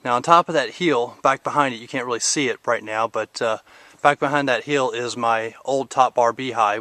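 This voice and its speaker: A man's voice: medium pitch, pushed and bright, dry recording. A man, a podcast host, casually walking through his rural property outdoors on a camera mic, a little out of breath and rambling with many fillers. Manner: rambling, filler-heavy, pointing things out. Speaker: podcast host giving a garden tour. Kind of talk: casual outdoor video tour.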